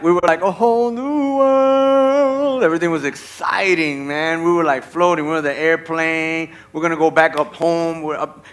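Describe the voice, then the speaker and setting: A man preaching a sermon as a lively story, acting out voices and checking in with the audience. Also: fairly high pitch. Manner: animated, acts out voices in his stories.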